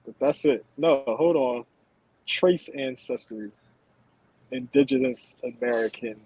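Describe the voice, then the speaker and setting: A man's voice: medium pitch, big pitch swings, slow pace, creaky, a little mellow, slightly rough, low-quality recording. A man co-hosting a podcast, chatting casually with blunt, profane humor and frequent laughter. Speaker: podcast co-host. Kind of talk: casual chat.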